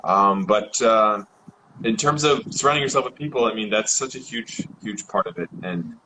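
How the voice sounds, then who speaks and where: A man hosting as a health coach, speaking calmly and reflectively with many "uh"s and restarts. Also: fairly low pitch, moderate pace, background noise. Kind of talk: casual interview chat.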